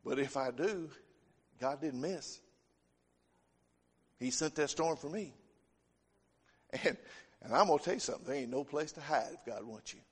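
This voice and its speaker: A man's voice: a little high, normal speed, long pauses, breathy edge. A man preaching a sermon, telling homespun stories in a folksy way. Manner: folksy storytelling, homespun phrasing. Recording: long hall reverb.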